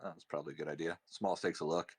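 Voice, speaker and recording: Very deep-voiced man playing a tabletop game. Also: fairly even intonation, fast, husky. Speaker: player.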